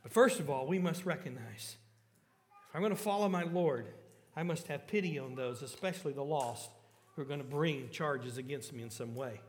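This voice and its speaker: A man's voice: fairly high pitch, normal speed, long reverb tail. A man preaching a sermon in church, earnest and often asking the listeners questions.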